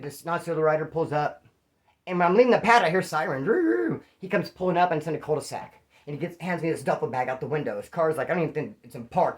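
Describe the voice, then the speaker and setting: A man casually telling stories in a profane, slangy way, acting out other people's lines as he goes. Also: fairly high pitch. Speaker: former inmate storyteller. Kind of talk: casual storytelling.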